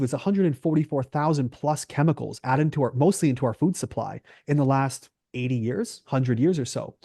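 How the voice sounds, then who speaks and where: Canadian man, nutritionist guest, emphatic and questioning, warm tone, dry close sound. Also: mid-range voice, dry recording. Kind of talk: podcast interview.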